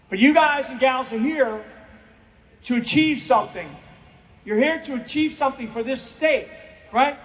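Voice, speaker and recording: Older man in his 60s, guest speaker at a rally; very high voice, emphatic and repetitive, pleading tone. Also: fairly bright tone. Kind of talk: rally speech. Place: event stage.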